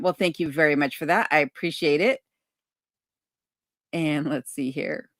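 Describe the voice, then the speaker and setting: A low-voiced woman hosting her channel's livestream reads viewer comments aloud from her home cabin in remote Alaska, answering at a relaxed, leisurely pace sprinkled with many ums. The recording is dry and of studio quality.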